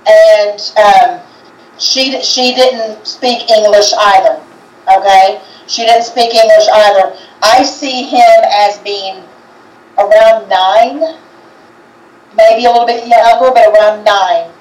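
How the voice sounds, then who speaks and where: A woman co-hosting a casual chat, describing what she senses in a hesitant, halting way with many restarts. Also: medium pitch, reverberant, distant mic, rough recording. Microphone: video call.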